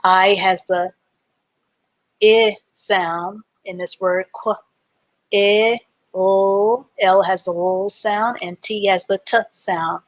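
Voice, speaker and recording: A middle-aged woman gives a live reading lesson at a very slow, careful pace. She breaks each word into its letters and sounds, then puts them back together. Her tone stays patient and encouraging throughout. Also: medium pitch, fairly even intonation, low-quality recording. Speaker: reading teacher.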